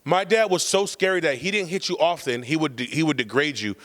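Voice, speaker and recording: A man from California co-hosting a podcast, telling stories in a loud, profane and animated way. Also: fairly high pitch, brisk, long reverb tail. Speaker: podcast co-host. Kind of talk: comedic storytelling chat.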